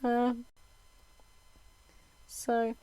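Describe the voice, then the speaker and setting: A woman's voice: a little high, monotone, very slow, mellow, no echo, low-quality recording. A young British woman with a mixed, mostly Southern English accent, chatting casually with her stream viewers, with lots of ums and restarts.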